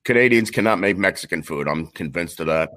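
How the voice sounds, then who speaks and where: A man's voice: deep voice, lively intonation, brisk, fairly bright tone. A man with a New York accent, a guest collector telling rambling, joking stories in casual chat over a remote call. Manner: brash, joking, rambling storyteller.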